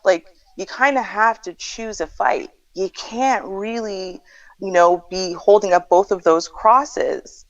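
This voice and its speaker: A woman's voice: medium pitch, slow pace, no room sound, muffled recording. A woman co-hosting a livestream advice show, explaining her view thoughtfully. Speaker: co-host.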